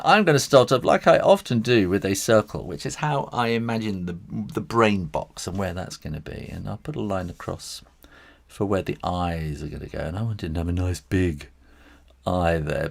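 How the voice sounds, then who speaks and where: A man's voice: deep voice, creaky, breathy edge. A middle-aged man, an author and illustrator, talking through a live drawing lesson in a hesitant, rambling way with little chuckles. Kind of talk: live drawing tutorial, thinking aloud.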